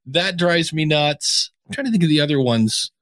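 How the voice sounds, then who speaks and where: A man's voice: normal speed, no room sound, clean studio sound. A man from Ohio, chatting as a guest in a casual interview and acting out quoted voices as he talks. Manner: animated, acts out quoted voices with big pitch jumps. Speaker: podcast consultant guest.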